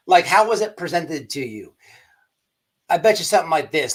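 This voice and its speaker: A man's voice: on the high side, lively intonation, moderate pace, pauses often, slightly rough. A man hosting a livestream commentary show, rambling and emphatic with many restarts. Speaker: host.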